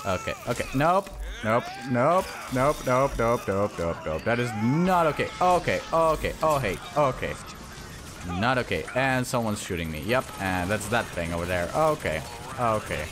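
A man commenting while playing a shooter game, excitable and swearing, often yelling at enemies. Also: medium pitch, moderate pace, background noise. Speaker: gaming channel host. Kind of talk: let's play commentary.

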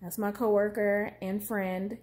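A woman chatting casually in a vlog, expressive and excitable, with emphatic warnings, in her apartment. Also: medium pitch, a little slow. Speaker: vlogger. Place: apartment room at night. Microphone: phone on ring light mount.

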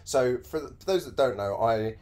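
A man's voice: medium pitch, normal speed, a little mellow. A man hosting a podcast, chatting casually and cracking dry jokes with a co-host. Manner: dry joking, laid-back banter. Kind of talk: casual chat.

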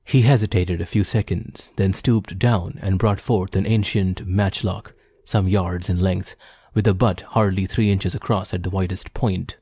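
A man narrating an audiobook in a measured, formal storytelling manner. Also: low-pitched, dark tone, no echo, studio quality. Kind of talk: scripted narration.

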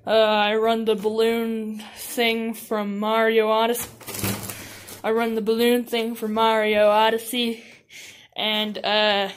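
Woman voicing Luigi, mopey and unappreciated. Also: fairly high pitch. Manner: whiny, self-pitying, mumbling asides. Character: mopey unappreciated young man plumber. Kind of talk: amateur comedy voice acting.

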